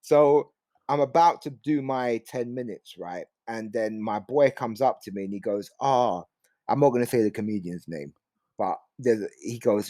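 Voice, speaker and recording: A young man, a comedian guest telling animated stories on a podcast. He swears a lot and acts out the people in his stories. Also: medium pitch, normal speed, no room sound, clean studio sound. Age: young adult. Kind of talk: casual podcast storytelling. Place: home, remote. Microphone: remote call mic.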